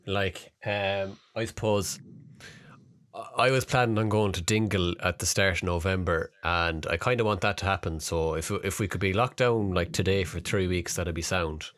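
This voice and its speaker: A young Irish man co-hosting a podcast in casual banter, jokey and halting, laughing often. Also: deep voice, fairly even intonation, a bit bright, no room sound. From Ireland. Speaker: podcast co-host.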